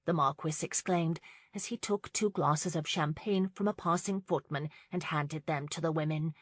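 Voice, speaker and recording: A woman narrating a romance audiobook in a measured, scripted style on a studio mic. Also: sits low, no echo.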